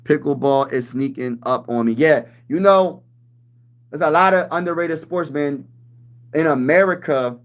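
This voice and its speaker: A man in his thirties hosting a casual sports livestream, talking loose and slangy, calling everyone "bro" and breaking into shouts when he gets riled up. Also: fairly high pitch, a little slow. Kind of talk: casual livestream chat reading comments.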